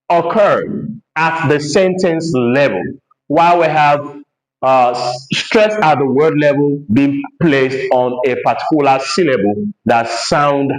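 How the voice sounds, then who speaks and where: A man, a teacher explaining a lesson from a board, repeating points and pausing with frequent hesitations. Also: mid-range voice, reverberant, rough recording. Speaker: English teacher.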